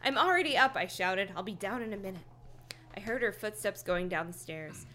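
A woman's voice: mid-range voice, normal speed, a bit bright, a little hiss or hum. A woman co-hosting a podcast, reading a children's horror book aloud in a playful, mock-dramatic way.

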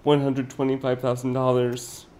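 A man co-hosting a casual podcast about old films, talking in an animated, chatty way with lots of fillers. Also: medium pitch, moderate pace. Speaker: podcast co-host. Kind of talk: casual film discussion. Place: indoor podcast recording.

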